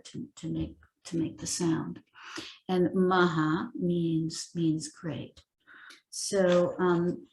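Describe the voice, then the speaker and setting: A middle-aged woman giving an informal spiritual teaching, explaining gently and haltingly with many pauses and self-corrections. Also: on the low side. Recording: roomy echo.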